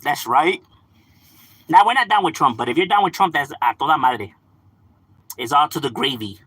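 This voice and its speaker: Lively slangy man from LA. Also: fairly high pitch, normal speed, husky, no room sound. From Los Angeles, California. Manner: slangy, laughs often, switches into Spanish words. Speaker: livestream host reading chat. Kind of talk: casual livestream chat.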